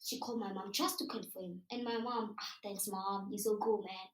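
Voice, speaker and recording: A young South African woman with a South African accent telling a story live to an audience in an animated, chatty way, slipping into local words. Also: mid-range voice, moderate pace. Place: live event room. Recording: roomy sound from a distant mic.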